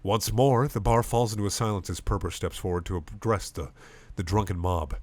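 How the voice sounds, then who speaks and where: A man reading a comedic parody story aloud with lively comic narration. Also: on the low side, normal speed. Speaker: reader.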